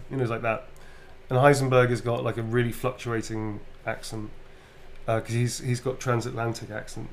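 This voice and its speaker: Relaxed British man talking shop. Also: medium pitch, normal speed. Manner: relaxed, demonstrates voices, swears casually. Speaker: voice actor signing autographs on a livestream. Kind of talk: casual livestream chat.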